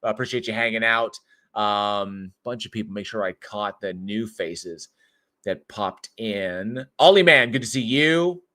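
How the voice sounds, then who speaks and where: A man's voice: fairly low pitch, a little slow, pushed and bright. A man hosting a live online talk stage, chatting casually and joking with listeners as he greets them. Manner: chatty, jokey, rambling. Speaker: host.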